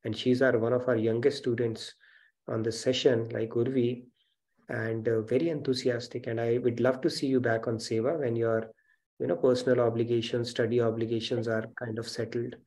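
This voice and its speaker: Encouraging man, mellow voice. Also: mid-range voice, little pitch movement, moderate pace. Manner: warm, encouraging, reassuring. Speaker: spiritual teacher and session host. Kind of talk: casual online class talk.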